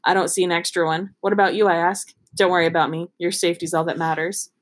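Woman reading a book out loud, kinda giggly, trips over words. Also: on the low side, level tone, fast talker. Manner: giggly, stumbles and restarts while reading. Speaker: reader. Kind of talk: casual read-aloud of a novel.

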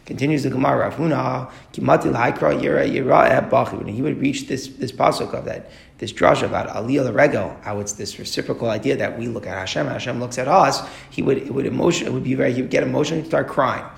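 A man giving a Talmud class to a group, explaining a text line by line and posing rhetorical questions in a quick, earnest delivery. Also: mid-range voice, gravelly. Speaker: Torah teacher. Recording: echoey room.

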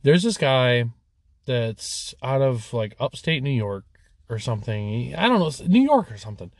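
A man's voice: medium pitch, unhurried, no room sound, studio quality. A man co-hosting a casual podcast, talking bluntly and swearing freely about his trade and relationships. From Michigan. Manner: crude, swears a lot, blunt and animated. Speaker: podcast co-host.

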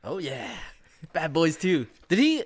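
A man in his thirties co-hosting a casual podcast about movies, animated and laughing as he talks, often restarting his sentences. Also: fairly high pitch, measured pace, husky. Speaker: podcast co-host. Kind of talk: casual film discussion chat.

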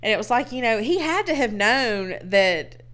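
A woman telling a story in casual chat, animated and acting out quotes. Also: fairly high pitch, normal speed. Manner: animated, acts out quotes, frequent laughs.

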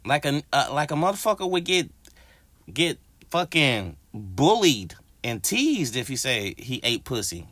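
Profane, animated male podcast host. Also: mid-range voice, measured pace, no room sound. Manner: profane, animated, addresses listeners directly. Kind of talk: casual solo podcast rant.

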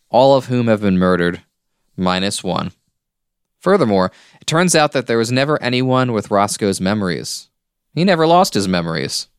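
A man's voice: on the low side, clean tone, no room sound, studio quality. A man co-hosting a podcast, reading a plot recap with casual asides. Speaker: podcast co-host.

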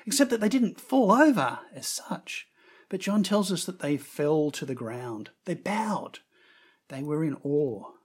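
Male preacher, sermon delivery, breathy tone, expressive narration. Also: a little high, unhurried. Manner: expressive storytelling, raising his voice for quoted words.

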